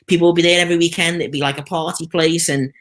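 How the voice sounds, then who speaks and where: This stuntman from Liverpool talks fast in a fairly high pitch, his Scouse accent clear. He's being interviewed casually and tells animated stories, mimicking voices as he goes.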